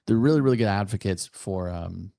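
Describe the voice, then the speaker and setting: Low-voiced man, hesitant and rambling. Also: brisk, vocal fry, dark tone, no echo, studio quality. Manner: hesitant, many fillers. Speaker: guest, soldier. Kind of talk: casual interview chat.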